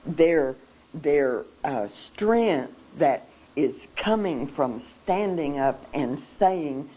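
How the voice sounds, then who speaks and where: Slow, halting, earnest seminar speaker. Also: mid-range voice, expressive, mellow, rough recording. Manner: halting, with many pauses and repeated words; earnest and emotional. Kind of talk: emotional seminar testimony.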